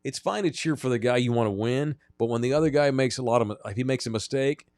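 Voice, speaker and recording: A man's voice: medium pitch, fast, a little mellow, no echo, studio quality. A man co-hosting a sports podcast, telling stories in a blunt, profane way. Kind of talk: casual sports chat.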